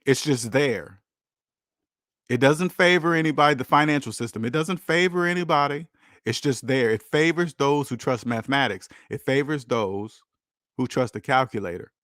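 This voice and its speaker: A man's voice: medium pitch, moderate pace, a bit bright, no echo, clean studio sound. A man hosting a finance channel, talking casually and preachily about money and debt, acting out the voices of people he quotes.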